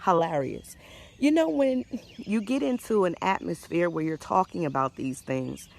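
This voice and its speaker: A woman life coach giving a faith-based motivational talk in a warm, conversational way, often restarting her sentences. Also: on the low side, animated, normal speed, vocal fry, slight background noise.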